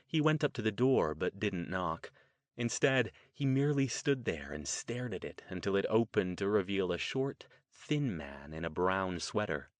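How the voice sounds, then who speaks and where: A man narrating an audiobook in a steady, measured way. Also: sits low, no room sound. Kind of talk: scripted narration.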